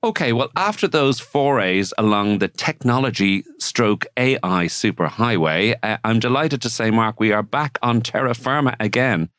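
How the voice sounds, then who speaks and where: A man's voice: medium pitch, animated, moderate pace, few pauses, fairly bright tone, no echo. An Irish man hosting a legal podcast in a studio, chatty and wry, with asides and fillers. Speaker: podcast host, barrister and mediator. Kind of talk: casual legal podcast chat.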